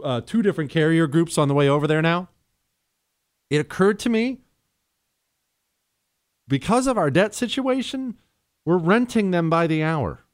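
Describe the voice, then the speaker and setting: A man's voice: medium pitch, clear, resonant tone, no echo, clean studio sound. A man hosting a talk radio show, sarcastic and jokey, mixing opinion with ad reads. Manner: sarcastic, mocking, lively and jokey. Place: radio studio. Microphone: studio mic.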